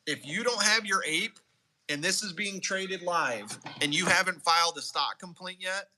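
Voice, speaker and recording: A man's voice: high voice, normal speed, bright, forceful tone, rough recording. A male moderator in a live audio room, speaking firmly and urging listeners to act. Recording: faint background noise.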